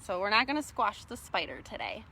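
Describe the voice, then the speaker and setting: A woman's voice: mid-range voice, sing-song, brisk, sharp tone, a little hiss or hum. A woman hosting a children's storytime outdoors, singing and reading in a cheerful sing-song manner, recorded on a phone resting on a small table. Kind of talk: live storytime with songs and picture-book reading.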